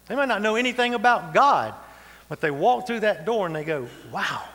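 A pastor delivers a sermon in a folksy, conversational way, slipping in asides. His voice sits a bit high for a man. The sound carries the long reverb of a church hall. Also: a bit bright. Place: church sanctuary.

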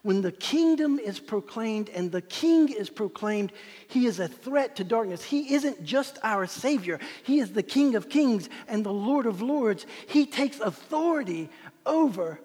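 Husky high-voiced preacher. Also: male voice, lively intonation, measured pace. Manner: dramatic, swings from loud proclamation to hushed whispers. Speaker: pastor. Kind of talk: sermon. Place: church sanctuary. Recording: long hall reverb.

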